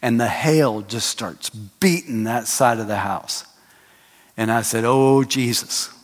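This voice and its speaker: Animated pastor preaching in a reverberant hall. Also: male voice, mid-range voice, takes it slowly. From Texas. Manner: animated storytelling, acting out voices and rising to shouts. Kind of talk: sermon. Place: church hall.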